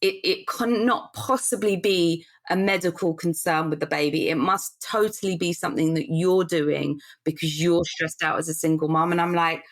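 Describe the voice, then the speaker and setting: A woman in her thirties speaks with a low, gravelly voice. She tells her story in an earnest, rambling podcast conversation. She restarts often and acts out what people said to her. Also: fairly even intonation, moderate pace, hardly any pauses. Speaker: podcast guest, business founder.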